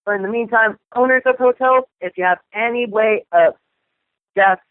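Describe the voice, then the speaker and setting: A man's voice: sits high, moderate pace, no echo. A man co-hosting a news show, reading headlines and adding wry comments of his own. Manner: reads news items with wry asides. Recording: tinny phone line, dry.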